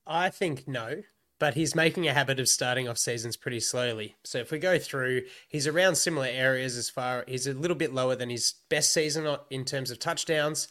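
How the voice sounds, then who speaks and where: An Australian man with a bright, edgy tone and an ordinary pitch chats on a relaxed sports podcast. He thinks out loud as he talks, circling his point with fillers like "like" and "um.". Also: brisk. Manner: rambling, thinks aloud with many fillers. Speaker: podcast co-host. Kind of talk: casual podcast chat.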